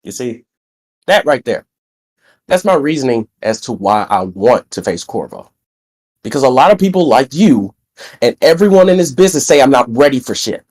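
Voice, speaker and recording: A young man cuts a brash wrestling promo, stretching out his greetings and boasting loudly. He is getting over a bout of sickness. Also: medium pitch, animated, normal speed. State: recovering from being sick. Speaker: wrestling roleplayer cutting a promo.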